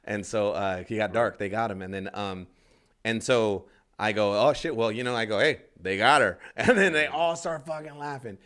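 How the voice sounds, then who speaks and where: A man's voice: lowish voice, moderate pace, a bit bright. A man, a stand-up comedian, telling a rambling story in casual podcast talk, acting out other people's lines and swearing freely.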